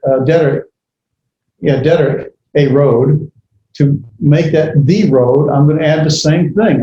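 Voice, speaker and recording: A man teaching a Hebrew grammar lesson in a halting way, with many fillers and self-corrections as he walks through examples. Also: on the high side, warm tone, slight background noise. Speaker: Hebrew instructor. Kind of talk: classroom lecture. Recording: dull, roomy lecture recording.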